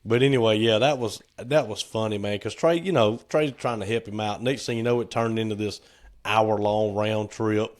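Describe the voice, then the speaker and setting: A man's voice: lowish voice, fairly even intonation, normal speed. A man co-hosting a podcast, telling a story in a laid-back way, chuckling and acting out the quotes. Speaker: podcast co-host. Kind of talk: casual storytelling chat.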